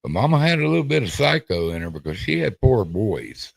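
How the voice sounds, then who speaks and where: A man's voice: on the low side, very animated, a little fast, vocal fry, no echo. A middle-aged man, telling rambling family stories in casual stop-start chat on a podcast. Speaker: podcast co-host.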